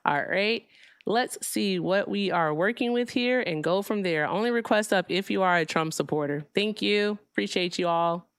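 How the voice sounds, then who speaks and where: A woman's voice: mid-range voice, moderate pace, clear, resonant tone, no echo. A woman hosting a livestream debate, casual, blunt and profane, sounding tired.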